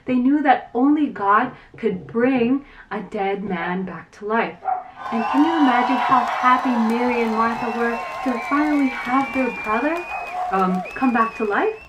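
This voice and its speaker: Kids' Sunday school teacher, woman, bright higher voice, animated storytelling, heard a bit off-mic. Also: measured pace, far from the mic, a loud crowd, heavy background noise. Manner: animated storyteller acting out quotes, with fillers. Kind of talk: Bible story retelling for kids.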